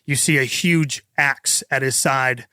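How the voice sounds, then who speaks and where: A man's voice: medium pitch, a little slow, bright, forceful tone, clear, resonant tone, dry recording, clean studio sound. A man narrating a tabletop game as game master, painting vivid scenes with casual fillers.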